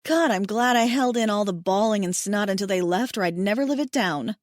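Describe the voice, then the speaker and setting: A woman's voice: mid-range voice, fairly quick, no echo, clean studio sound, natural voice. A woman voicing a wisecracking young mother who is sniffling back tears. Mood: teary. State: tearful, sniffling.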